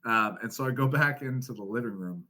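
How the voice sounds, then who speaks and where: A mid-range voice, brisk and lively, belongs to a thirty-something man guesting on a podcast. He tells his story casually, swearing plenty and laughing along with it.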